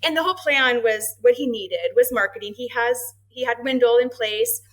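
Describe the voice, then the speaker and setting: A middle-aged woman, a guest on a podcast, telling her story in a casual interview, lively and quick to laugh, acting out the dialogue she quotes. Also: fairly high pitch, poor audio. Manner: animated, acts out quoted dialogue, laughs often. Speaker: marketing and HR head, podcast guest.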